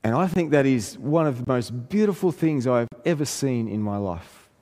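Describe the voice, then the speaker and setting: A man's voice: expressive, normal speed, darkish tone. Aussie preacher guy telling a story from the pulpit, earnest, voice ringing around a big hall. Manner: earnest storytelling, pitch climbing in emphatic passages. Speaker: pastor. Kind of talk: sermon with personal story. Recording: long hall reverb.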